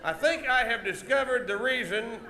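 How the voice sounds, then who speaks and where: A man hosting a live comedy show, teasing volunteers from the audience with loud stage patter. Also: very high-pitched, normal speed, noisy background. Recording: echoey venue with music and crowd.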